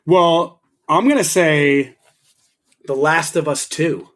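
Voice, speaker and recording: A man co-hosting a casual podcast, swearing freely and talking with excited enthusiasm. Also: on the high side, takes it slowly. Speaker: podcast co-host.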